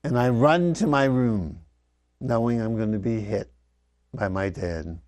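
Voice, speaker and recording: An older man speaks unhurriedly, telling memories as if to his father. His voice sits at an ordinary middle pitch and often falls quiet at the ends of thoughts. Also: lively intonation. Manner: slow, reflective, often dropping softly. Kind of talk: personal storytelling addressed to his father. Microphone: wired microphone.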